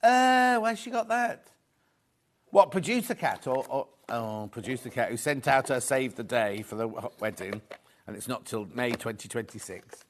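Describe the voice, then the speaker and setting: A man's voice: medium pitch, animated, normal speed. A man hosting a live shopping show, chatting casually, joking with the crew and reading out viewer messages. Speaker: shopping channel host.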